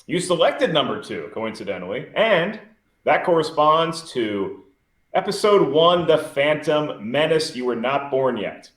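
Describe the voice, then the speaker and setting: A man's voice: on the high side, big pitch swings, unhurried, fairly bright tone, roomy sound. A man reading questions in a live-streamed trivia match, playful and teasing with the contestants.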